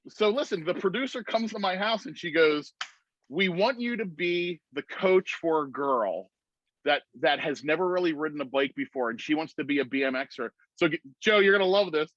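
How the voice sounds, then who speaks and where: Man, animated storyteller, slightly high voice, dry muffled call audio. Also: normal speed, dry recording. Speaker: guest. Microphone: video call.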